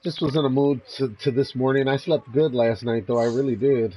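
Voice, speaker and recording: A man's voice: medium pitch, fairly even intonation, a little fast, warm tone, a little hiss or hum, rough recording. A laid-back man chatting on a livestream while fishing outdoors, laughing and swearing casually as he tells stories and greets viewers. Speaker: streamer.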